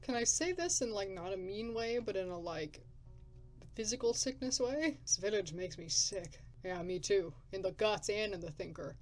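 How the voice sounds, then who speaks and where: Woman, gaming creator, casual commentary, chatty and hesitant, mid-pitched voice. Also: lively intonation, moderate pace, darkish tone, faint music behind. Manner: chatty, hesitant, thinking aloud.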